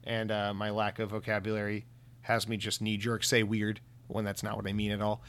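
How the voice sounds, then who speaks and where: A man's voice: on the low side, completely flat delivery, fairly quick, a bit bright. A man hosting his own podcast, chatting casually through listener comments, rambling and correcting himself as he goes, with the odd swear. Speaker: podcast host. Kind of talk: casual solo podcast chat.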